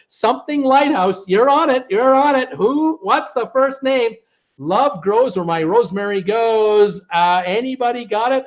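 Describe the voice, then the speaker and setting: A man hosting a live trivia stream, chatting casually with viewers and humming bits of old songs. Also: high-pitched. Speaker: host of a live trivia show. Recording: dull lo-fi stream audio.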